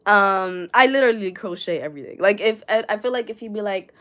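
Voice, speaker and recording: A woman's voice: mid-range voice, fairly quick, a bit bright. A young woman with a New York accent, chatting casually and rambling on a crochet livestream from her room at home, swearing now and then and reading viewer comments aloud. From New York City.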